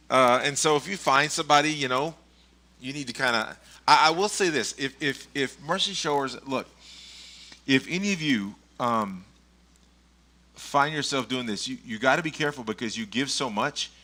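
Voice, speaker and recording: A man's voice: medium pitch, moderate pace, sharp tone. A middle-aged male pastor giving a casual, conversational sermon, telling stories with chuckles and frequent restarts. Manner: rambling, chuckling storyteller with many restarts.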